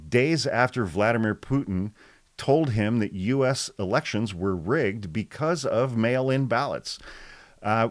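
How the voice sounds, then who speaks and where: Deadpan, exasperated man with a smooth, low voice. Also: no echo. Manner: sarcastic, exasperated, deadpan rebuttals. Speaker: political commentary podcaster. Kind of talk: casual political commentary reading and rebutting quotes.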